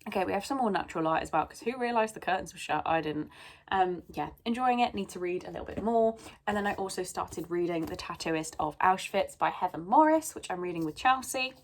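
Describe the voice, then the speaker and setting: This book vlogger talks brisk and animated, her voice fairly low in pitch. The young woman chats casually about what she's been reading, wandering off track with plenty of ums and the occasional sneeze.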